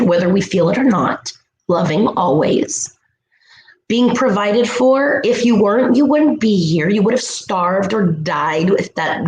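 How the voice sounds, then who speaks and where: A woman giving a motivational self-help talk as a spiritual vlogger, animated and slipping into playful voices for asides. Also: medium pitch. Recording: echoey room with faint noise.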